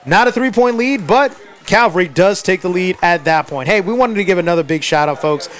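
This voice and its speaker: A man with a high voice calls a high school football game play by play. He talks quickly through the routine snaps and rises to excited shouts when a runner breaks free. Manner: excitable, shouts on big plays. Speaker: play-by-play announcer. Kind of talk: live sports play-by-play commentary.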